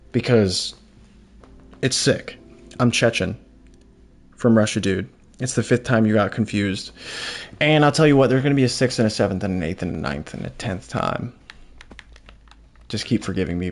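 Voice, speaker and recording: A man's voice: fairly low pitch, moderate pace, long pauses. A young man chatting casually while streaming a game, rambling and reading chat aloud. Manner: rambling, laid-back, reads chat aloud.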